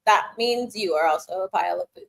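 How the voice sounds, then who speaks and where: A woman's voice: on the low side, a little fast, vocal fry. A young woman hosting a casual live-stream Q&A, giggling often and teasing her chat as she gives playful advice. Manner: giggly, laughs often between phrases.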